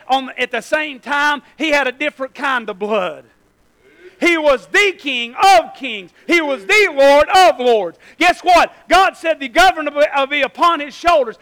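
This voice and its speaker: A pastor preaching in a strikingly high, bright voice. He keeps calling out to the congregation, repeating his lines and rising into shouts. The delivery is old-style, fervent church preaching. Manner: fervent, repetitive call-and-response preaching, bursts of shouting. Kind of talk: sermon.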